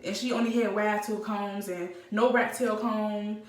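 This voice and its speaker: A woman's voice: medium pitch, measured pace. Young woman telling a story, roomy phone sound. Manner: animated, slangy storytelling with many fillers. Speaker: vlogger. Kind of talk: casual storytime vlog. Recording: roomy, slightly distant phone mic.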